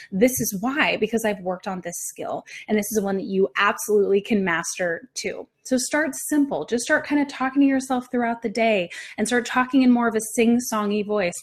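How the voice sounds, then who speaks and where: A woman coaching her listeners on speaking, her voice moving in deliberate waves of pitch. She talks in an upbeat, direct way and sits at a middle pitch for a woman. Her tone is that of a podcast host teaching her audience. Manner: sing-song, deliberately varied intonation. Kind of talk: motivational teaching talk.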